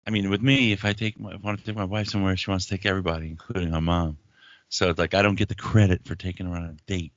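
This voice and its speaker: A man hosting a podcast, telling stories in crude, profane, animated banter. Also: sits low, very fast, dry recording, highs cut off. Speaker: podcast host.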